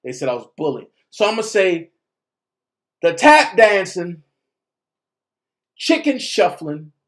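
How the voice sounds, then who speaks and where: A man speaks in loose, slangy commentary, taking his time over every phrase. His pitch rises and falls freely, and he switches into reading court papers aloud before stepping back to react. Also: takes it slowly. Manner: animated, slangy, reads documents aloud. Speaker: commentary vlogger. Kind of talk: casual commentary.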